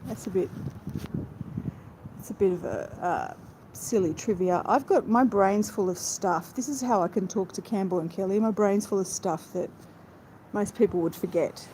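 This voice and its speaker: A woman chatting with viewers on a live stream, rambling with quick asides. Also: mid-range voice. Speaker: vlogger. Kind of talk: casual live chat while travelling. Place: inside a moving car. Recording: road noise from the car. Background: vehicle noise.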